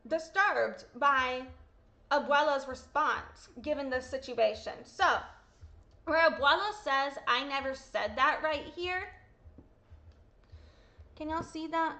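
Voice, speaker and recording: A woman's voice: high-pitched, bright, forceful tone. A woman talking straight to her viewers in an upset, blunt personal callout, swearing and repeating quotes. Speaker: vlogger. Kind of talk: angry personal callout vlog.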